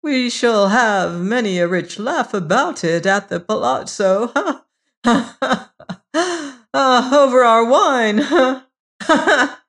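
A narrator voicing an unhinged nobleman walled in alive, with shrill hysterical laughter and frantic pleading in a dramatic horror reading. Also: quick pace, few pauses, fairly bright tone.

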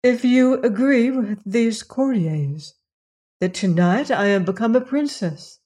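A woman's voice: fairly high pitch, animated, takes it slowly, voice pushed up. A woman reading as a tender young princess. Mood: earnest. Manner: gentle, questioning, archaic speech.

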